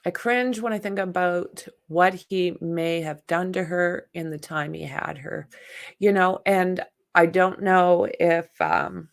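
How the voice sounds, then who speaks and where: A woman hosts a relaxed true-crime livestream in an unhurried, gravelly voice. She chats, greets viewers by name and reads comments aloud, and she is blunt with spammers. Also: lowish voice. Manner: outspoken and exasperated with spam commenters. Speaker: livestream host.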